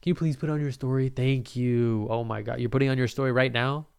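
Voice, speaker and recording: This young podcaster talks alone into a microphone, loose and profane, laughing often as he rambles. His medium-pitched voice is gravelly and darkish with fairly even intonation, moves fairly quickly, and sounds clean.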